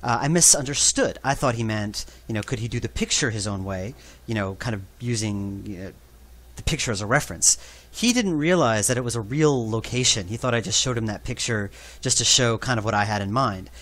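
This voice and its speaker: A man talks through his own game in a loose, rambling commentary. His voice sits on the low side, and he laughs at his own mistakes as he goes. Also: animated, a little fast, a bit bright. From New York. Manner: rambling, conversational, self-deprecating. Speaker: game developer. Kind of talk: developer commentary track.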